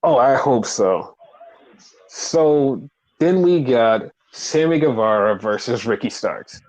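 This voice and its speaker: A man chatting casually on a podcast, recapping wrestling with lively, swearing retellings and acted-out quotes. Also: mid-range voice, slow pace. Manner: animated, swears freely, acts out quotes. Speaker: podcast co-host.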